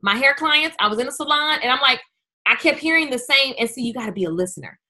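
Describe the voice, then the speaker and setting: High bright-voiced woman coaching excitedly. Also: fast talker. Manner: energetic, chatty, talks straight to viewers. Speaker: business coach hosting a webinar. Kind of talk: live webinar talk.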